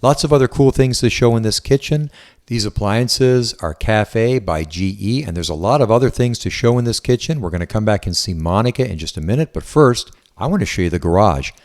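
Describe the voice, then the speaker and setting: Indoors on a house tour, a Southwest Florida real estate agent chats enthusiastically as he walks through the home. His voice is on the low side and a little mellow, brisk, with lively intonation.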